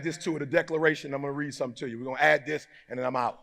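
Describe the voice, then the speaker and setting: A man giving a live motivational speech to an audience, moving from low, close talk to shouted call-and-response, in a preacher-like manner. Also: fairly even intonation, racing, creaky, hardly any pauses, some chatter behind. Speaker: motivational speaker. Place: large hall before a live audience.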